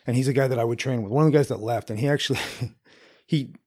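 A man's voice: medium pitch, fast, darkish tone, husky. Rambling laid-back man telling stories. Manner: rambling storyteller, says "dude" and "like" a lot. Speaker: podcast guest, jiu-jitsu competitor. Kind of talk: casual chat.

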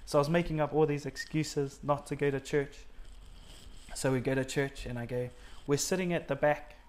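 A man's voice: fairly high pitch, fairly even intonation, normal speed. Earnest New man telling his story. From New Zealand. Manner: earnest, acts out his own and others' quoted words, many fillers. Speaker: guest sharing a faith testimony. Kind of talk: personal storytelling in conversation.

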